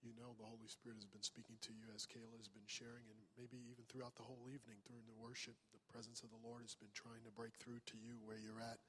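A man leading a gentle, inviting altar call as pastor in a church. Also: medium pitch, monotone, fast, hardly any pauses, slight background noise, low-quality recording.

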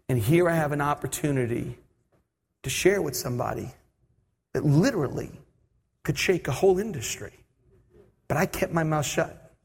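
A high-voiced man delivers a sermon built around a personal story, acting out his own thoughts as he goes. His voice rings out through a church hall with a long reverb tail. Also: vocal fry, breathy edge. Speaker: preacher. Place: church service.

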